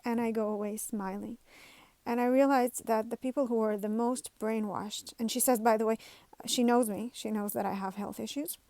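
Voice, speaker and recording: A woman's voice: fairly high pitch, fairly even intonation, moderate pace, a little mellow, dry recording. A woman talking casually to her viewers, rambling through a story with many fillers and restarts. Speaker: vlogger. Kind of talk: casual talk to camera.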